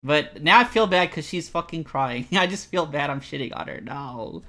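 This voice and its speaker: Brief: young male streamer with a bright, sharp voice, animated and rambling while reading game text. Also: on the high side, moderate pace. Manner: rambling, animated, self-deprecating. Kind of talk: live game playthrough commentary.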